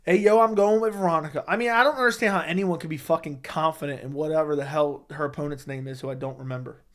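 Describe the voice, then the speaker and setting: A man's voice: fast talker, a bit bright. Laid-back man reading chat on a livestream. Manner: laid-back, low-key, swears casually.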